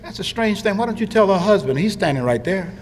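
A man preaching an animated sermon, swinging from low quiet asides to high shouted lines and acting out quoted voices. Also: fast, a little hiss or hum. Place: church. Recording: long hall reverb.

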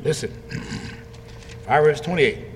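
A man preaching an animated sermon, swinging from low quiet asides to high shouted lines and acting out quoted voices. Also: takes it slowly, a little hiss or hum. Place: church. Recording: long hall reverb.

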